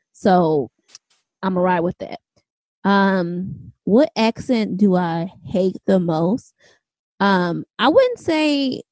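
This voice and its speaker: Chatty young woman, mellow and dry. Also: mid-range voice, dry recording. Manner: loose and chatty, lots of "like" and "um". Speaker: podcast co-host. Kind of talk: casual chat.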